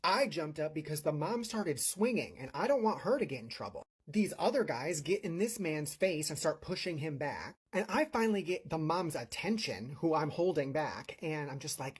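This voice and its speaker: A woman telling an animated, profane story from her day in a storytime video. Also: deep voice, normal speed, hardly any pauses, slightly rough.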